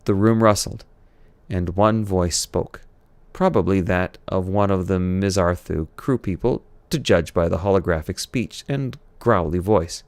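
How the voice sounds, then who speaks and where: A man reading a novel aloud in steady, unhurried narration. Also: low-pitched, dry recording. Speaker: audiobook reader.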